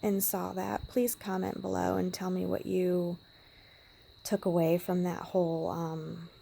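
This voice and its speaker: Gravelly-voiced woman telling a personal story. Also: lowish voice, flat delivery, unhurried. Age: adult parent. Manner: emotional, drops to a hushed whisper at times. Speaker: vlogger.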